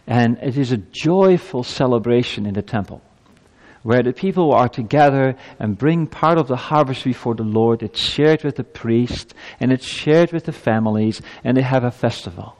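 A man delivers an earnest sermon at an ordinary middle pitch. He lifts his voice when he reads scripture and presses the congregation with rhetorical questions. His voice carries a long reverb, as in a church sanctuary. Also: darkish tone. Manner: earnest preaching, rising emphasis on scripture quotes, rhetorical questions. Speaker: preacher.

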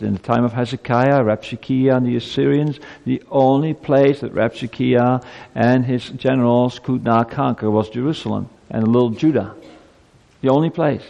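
A man's voice: medium pitch, gravelly, warm tone, lo-fi sound. A man preaches to his congregation in a church, pressing his points with rhetorical questions and now and then tripping over repeated words. His voice sits in a middle register. The sound carries a long reverb from a large hall. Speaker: pastor. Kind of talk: sermon.

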